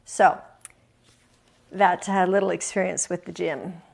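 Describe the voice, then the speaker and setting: A woman's voice: lowish voice, fairly even intonation, unhurried, gravelly, a little mellow. A woman hosting a talk, telling a personal story in an earnest, confiding way with emphatic repetitions. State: emotional, near tears at times. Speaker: host.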